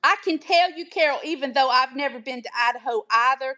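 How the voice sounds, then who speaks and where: A woman with a Southern American accent chatting casually on a livestream over a video call, drawn-out and easily amused. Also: high voice, bright, forceful tone. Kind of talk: casual chat.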